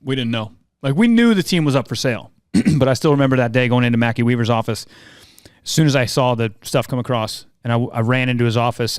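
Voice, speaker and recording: Man, forties, podcast guest, animated storytelling, mid-pitched, smooth clear tone. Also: dry recording, studio quality. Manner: animated storyteller who acts out quoted dialogue. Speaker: podcast guest, former team mascot performer. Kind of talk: casual interview storytelling.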